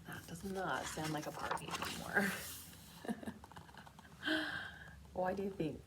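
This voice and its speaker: A young woman librarian reading a picture book aloud to children, animated and chatty, with asides to the kids. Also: lowish voice, takes it slowly, long pauses, husky.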